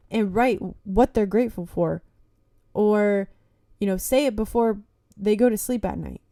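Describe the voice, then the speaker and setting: Young woman podcast host, mellow and dry, swears freely, talks straight to listeners. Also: medium pitch, no room sound. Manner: candid, heavy swearing, frequent "like" and "you know"; encouraging, addresses listeners as "guys". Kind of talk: casual solo podcast talk.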